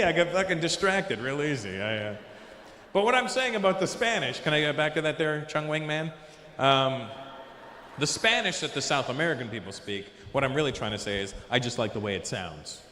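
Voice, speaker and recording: A man doing a stand-up comedy set, telling stories in a lively way and switching into quick voices for the people in them. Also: mid-range voice, roomy sound, long reverb tail, a little hiss or hum. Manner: animated storytelling with quick voice switches. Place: large comedy venue.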